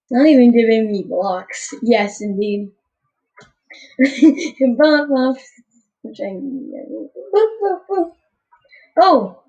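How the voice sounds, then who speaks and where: A woman's voice: fairly high pitch, darkish tone, lo-fi sound. A woman giving casual, goofy gameplay commentary, rambling and tripping over her words.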